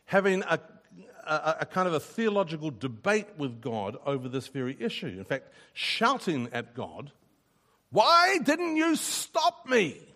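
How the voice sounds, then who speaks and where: A man's voice: on the high side, very animated, normal speed, a bit bright. A man preaching a sermon, earnest and emphatic, often repeating a word as he starts a sentence. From New Zealand.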